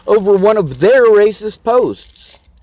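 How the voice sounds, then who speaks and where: A man's voice: high-pitched, sing-song, slow, a little mellow. A man venting to camera in an agitated, profane, repetitive rant. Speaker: vlogger. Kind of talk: angry personal rant to camera.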